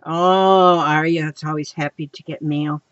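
A woman's voice: low-pitched, unhurried, no room sound, muffled recording. A woman making a casual craft vlog at home, gushing and exclaiming over her supplies. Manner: gushing, excitable, exclaims often. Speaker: craft vlogger.

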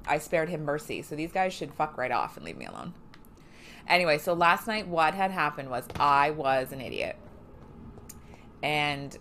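A woman's voice: sits low, sing-song, a little slow, a bit bright, slight background noise. A woman chatting casually and swearing freely while streaming a game, often poking fun at herself. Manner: chatty, profane and self-mocking. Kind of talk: casual live gameplay chat.

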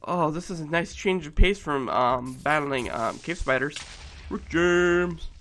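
A man giving let's play commentary, excitable and profane, shouting at game monsters. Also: a little high, a little slow, a little hiss or hum. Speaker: gameplay commentator.

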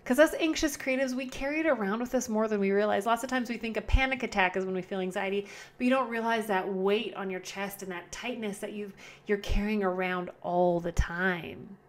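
Speaking in a mid-range voice, this podcast host talks casually on her own from indoors at home, picked up by a nearby camera. Her chat is repetitive and self-correcting, and she deliberately slows her pace at times to demonstrate calm breathing.

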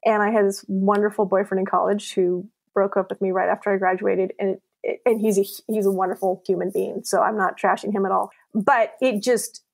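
A woman's voice: medium pitch, a little fast, gravelly, hardly any pauses. A woman writer, a podcast guest, telling personal stories in a casual interview, laughing often and acting out what people said. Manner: animated, laughs often, acts out quoted lines.

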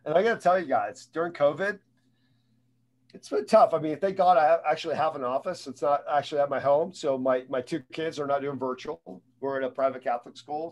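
Man speaking casually with plain, middle pitch. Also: darkish tone. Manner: rambling, repeats words and restarts sentences. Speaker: guest speaker on sales and mindset. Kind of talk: casual conversational advice.

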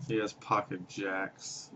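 A man's voice: sits low, level tone, slow, pushed and bright. A man casually muttering commentary and chanting little hype lines while he plays online poker. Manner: mumbled asides, half-sung hype chants. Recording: dull lo-fi audio, faint room noise.

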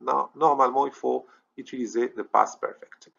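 A man's voice: medium pitch, fairly even intonation, fairly quick, gravelly, a bit bright, dull audio. A man with a Moroccan accent teaching a recorded grammar lesson, explaining step by step, often checking "okay?" and correcting himself. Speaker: English teacher.

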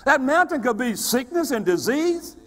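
A man preaching a sermon, his voice pitched unusually high and rising and falling with lively swings. He moves from steady teaching to shouted questions thrown back at the congregation. The sound rings with the long reverb of a church sanctuary. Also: moderate pace. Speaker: pastor.

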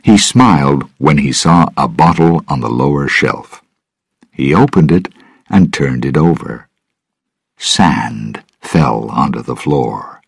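Very deep gravelly male storyteller. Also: lively intonation, slow pace, no echo. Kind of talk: graded-reader story narration for English learners.

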